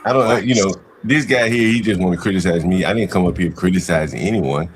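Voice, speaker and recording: Low-pitched man arguing on a stream. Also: fast talker, slight background noise. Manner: defensive, repeats himself, insulting. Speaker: panelist in a live stream debate. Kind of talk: heated argument on a live stream.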